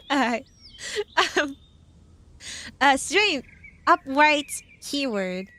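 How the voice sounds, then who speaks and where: A woman's voice: sits high, big pitch swings, extremely slow, pushed and bright. A young woman streaming casually, giggling often and breaking off from reading tarot card meanings to chat playfully. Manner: reads tarot meanings aloud with asides. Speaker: virtual streamer.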